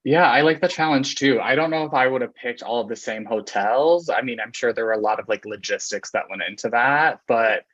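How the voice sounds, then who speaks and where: A man's voice: medium pitch, fairly quick, few pauses, fairly bright tone, dry recording, highs cut off. A man chatting as a podcast guest in a gossipy way, laughing often. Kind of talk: casual chat.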